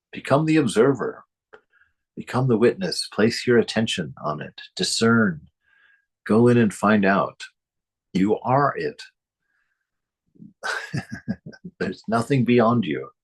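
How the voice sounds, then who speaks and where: A man with a deep, slightly husky voice reads from a spiritual text and comments on it. He speaks emphatically, repeats key phrases and chuckles often between points. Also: very animated, slow, long pauses. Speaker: spiritual teacher reading and commenting. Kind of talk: book reading with commentary.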